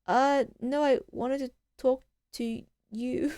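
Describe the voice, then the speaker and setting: A woman's voice: high voice, fairly even intonation, slow pace, mellow, smooth, no echo, studio quality. A woman voicing a polite, hesitant young male defense lawyer in her own voice.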